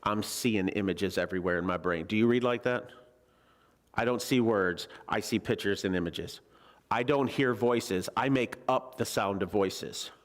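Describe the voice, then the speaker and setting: A man's voice: lowish voice, moderate pace. A male preacher teaching a Bible lesson in a church in a chatty, joking way, often putting questions to the congregation. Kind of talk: conversational sermon. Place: church sanctuary.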